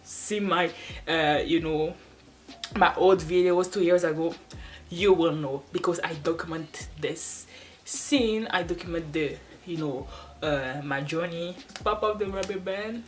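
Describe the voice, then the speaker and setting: A woman talks to her camera at home, unhurried and rambling, with many restarts and laughs. Her voice sits on the low side for a woman, and she speaks slowly. Faint music plays behind her. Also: low-quality recording. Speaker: hair-care vlogger. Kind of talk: casual chat to camera. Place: at home, seated in front of a wall. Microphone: camera placed off to the side.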